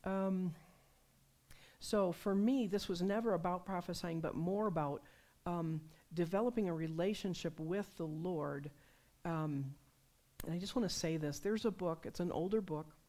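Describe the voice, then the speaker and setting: A woman preaching a sermon, telling personal stories in a conversational, animated way. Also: lowish voice, a little slow. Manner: conversational, animated storytelling with laughs.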